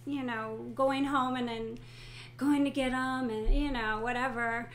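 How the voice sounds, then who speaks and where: A woman co-hosting, telling a story in casual chat, hesitant and filling pauses with "uh" and "like". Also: high voice, fairly even intonation, fairly bright tone, slight background noise. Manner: hesitant, trailing off with fillers. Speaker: co-host.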